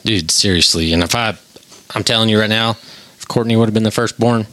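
A man's voice: fairly low pitch, fairly quick, bright, forceful tone, no room sound. A middle-aged man hosting a podcast in casual chat, reading listener questions and giving blunt, emphatic opinions.

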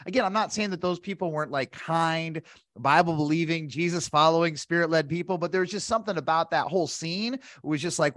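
A man hosting an interview, animated and earnest, telling scripture stories and asking questions. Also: on the high side, a little fast, no echo, studio quality. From grew up Pentecostal. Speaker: host. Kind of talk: conversational interview.

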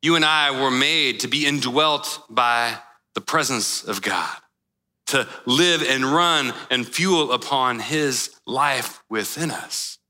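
A man preaching a sermon in a relaxed, conversational way, telling a personal story with casual slang. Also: medium pitch, slow, big-room sound. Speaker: pastor.

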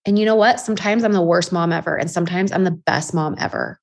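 A woman's voice: on the low side, quick pace, gravelly, few pauses. Woman in her thirties, life coach and podcast host. Candid and self-deprecating motivational talk, heavy on rhetorical questions.

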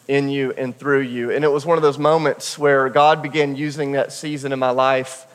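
A man's voice: on the high side, long reverb tail. A man preaching a sermon as a pastor, telling a personal story in a candid, humorous way. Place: church sanctuary.

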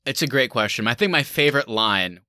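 A man's voice: mid-range voice, lively intonation, fairly quick, pushed and bright, dry recording, clean studio sound. A man co-hosting a movie review podcast in casual chat, with sarcastic mock speeches and frequent laughter. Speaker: podcast co-host.

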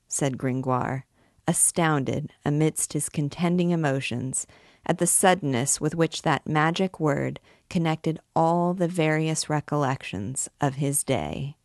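A woman narrates a classic novel in a measured audiobook reading. Her voice is low and her pace is slow and deliberate. The recording is close and dry, with no room sound. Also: dry recording. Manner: measured, even storytelling.

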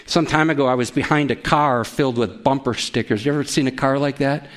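A man's voice: mid-range voice, a little fast. A man preaching a sermon as pastor, telling stories with energy and putting direct questions to his listeners. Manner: animated storytelling, asks the audience direct questions.

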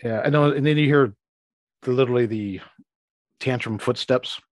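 A man narrating as game master for a tabletop game, halting and restarting his phrases as he describes scenes and voices characters. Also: mid-range voice, no room sound, clean studio sound.

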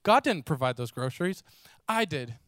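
A grumpy male neighbor, blunt and scornful, as a preacher acts him out. His voice stays fairly high for a man, heard close and dry. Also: sing-song, moderate pace, a bit bright, no room sound. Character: annoyed atheist male neighbor, scornful and smug.

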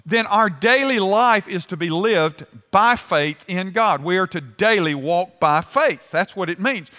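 In a church sanctuary, a male pastor with a sharp, high-sitting voice preaches a sermon, acting out the voices of people who complain. Hall reverb fills the recording.

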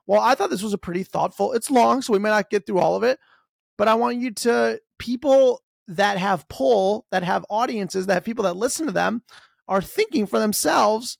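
Gravelly, animated man hosting a podcast. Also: high voice, moderate pace, dry recording, studio quality. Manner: sarcastic, mocks others in put-on voices. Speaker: podcast host. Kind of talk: casual podcast commentary.

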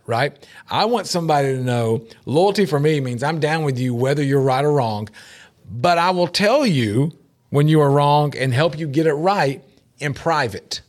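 A middle-aged man co-hosting a casual talk show, animated and laughing often as he acts out quotes in shifting voices. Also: fairly high pitch, moderate pace. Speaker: podcast co-host. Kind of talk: casual chat.

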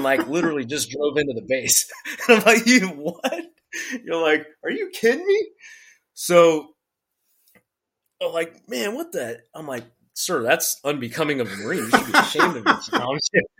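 Laughing ex-Marine man telling a story. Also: medium pitch. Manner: animated, acts out quotes with laughs. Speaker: podcast guest, former Marine sergeant. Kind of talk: casual storytelling.

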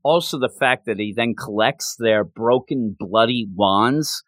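A man co-hosting a casual chat, animated and excitable, slipping into quoted voices. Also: medium pitch, a little slow, no room sound, clean studio sound. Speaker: podcast co-host.

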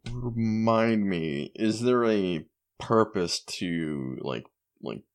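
Low-voiced, hesitant male player. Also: expressive, drawn-out words. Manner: hesitant, repeats words, asks rule questions. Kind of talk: casual tabletop play.

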